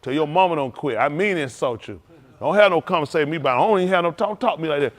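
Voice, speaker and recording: Emotional preacher man with a lively swinging voice. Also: fairly high pitch, fast. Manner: emotional, conversational, laughing and exclaiming. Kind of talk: informal sermon testimony. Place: synagogue hall during livestream.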